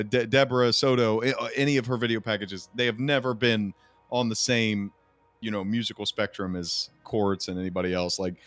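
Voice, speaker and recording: Man, deep voice, eager rambling podcast chat, dry. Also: dry recording. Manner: enthusiastic, rambling. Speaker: podcast guest. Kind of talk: casual chat.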